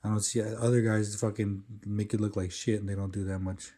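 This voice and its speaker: A man's voice: on the low side, little pitch movement, a little fast, mellow. A man narrating his caulking work in a laid-back, casual way, swearing often as he goes, recorded on smart glasses. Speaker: caulking tradesman.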